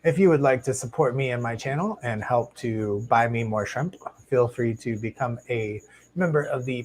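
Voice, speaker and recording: A man hosting a casual live stream about his shrimp tanks, talking into a lapel mic in a home fish room in a relaxed, chatty way with plenty of fillers and restarts. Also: mid-range voice, normal speed, poor audio. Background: faint hum of aquarium tanks.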